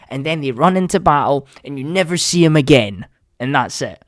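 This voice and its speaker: Ranting young man, fairly high voice. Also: animated, fairly quick, no echo, studio quality. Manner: ranting, exasperated, sarcastic. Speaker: podcast host. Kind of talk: solo podcast rant.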